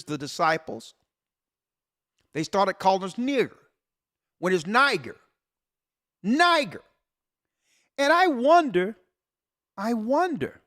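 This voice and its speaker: A high-sitting male voice belongs to a church elder and show host who remarks on a news article in an animated, preacherly way, leaning on rhetorical questions and repetition for emphasis.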